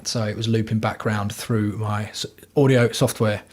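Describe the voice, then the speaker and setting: A man's voice: fairly low pitch, little pitch movement, normal speed, a little mellow. Blunt, swearing man on a livestream. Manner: profane, blunt, rambling. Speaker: livestream host. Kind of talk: casual rambling livestream chat. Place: at home.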